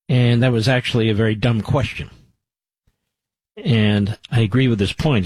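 A man's voice: mid-range voice, husky, no room sound, low-quality recording. A man hosting talk radio, delivering emphatic, indignant commentary into a studio microphone. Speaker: radio host.

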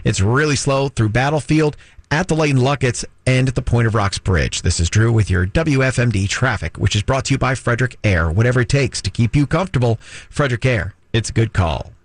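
A male traffic reporter running through road conditions in a brisk, matter-of-fact read. His voice sits mid-range and sounds dry and close to the mic. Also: medium pitch, dry recording.

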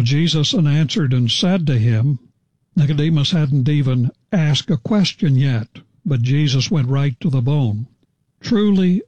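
Measured man teaching Bible. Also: medium pitch, mellow, no room sound. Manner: measured, explanatory, paraphrasing scripture conversationally. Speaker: preacher. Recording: slightly dull, lo-fi.

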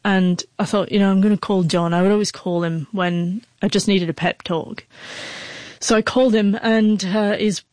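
A woman's voice: mid-range voice, fairly even intonation, normal speed, a little mellow, dry recording. A woman with a stutter, a guest telling an emotional personal story in an interview, her speech broken by repeated sounds. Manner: emotional, heartfelt. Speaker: guest, author.

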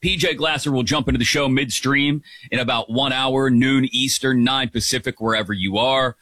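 A man hosting a sports talk radio show, speaking in an upbeat, rapid, conversational way into a studio microphone. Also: mid-range voice, steady tone, pushed and bright, no echo.

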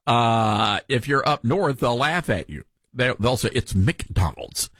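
Male talk host, soft Southern accent, slightly husky, folksy and chatty. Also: mid-range voice, unhurried, no echo. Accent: Southern US, Tennessee. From Tennessee. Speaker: radio talk show host. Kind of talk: talk radio commentary.

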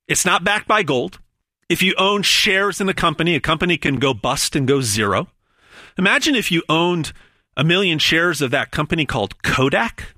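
A man giving a hard-sell gold pitch, emphatic, stumbling over repeated words and pausing dramatically on big numbers. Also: sharp tone, dry recording, studio quality. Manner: emphatic, stammering repetitions, dramatic pauses on numbers. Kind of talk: hard-sell promotional monologue.

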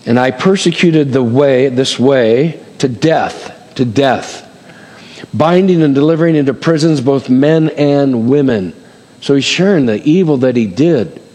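A man preaching a sermon, his voice swinging between loud and hushed. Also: mid-range voice, normal speed, in a large hall.

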